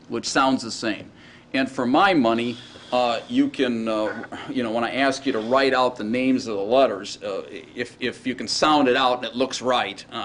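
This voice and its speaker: A man lectures a classroom in an easygoing, stop-and-start way, often pausing to ask whether his students follow. His voice sits at an ordinary middle pitch, with faint noise in the room behind him. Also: fairly bright tone. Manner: informal, halting, checks in with the class often. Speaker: teacher.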